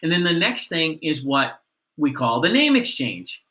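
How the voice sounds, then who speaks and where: A man's voice: fairly high pitch, big pitch swings, a little slow, bright, forceful tone. A man giving a sales training lesson, coaching listeners on phone greetings and asking them questions.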